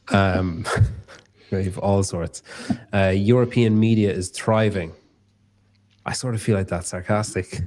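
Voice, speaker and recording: A man's voice: deep voice, fairly even intonation, slow pace, long pauses, dark tone. A man hosting a casual podcast, joking and rambling, swearing freely. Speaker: podcast host.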